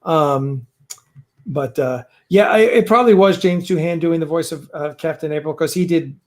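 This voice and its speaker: Male host, loose rambling delivery, somewhat higher pitch. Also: moderate pace, a little mellow. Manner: rambling, many fillers and restarts. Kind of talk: casual livestream chat. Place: home, fireworks outside.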